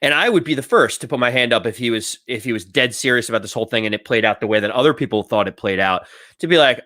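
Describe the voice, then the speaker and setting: This sports podcast co-host talks fast and animatedly in a bright, forceful mid-range voice, walking through a story in detail and performing the quotes as casual chat. The audio is clean studio sound with no room tone.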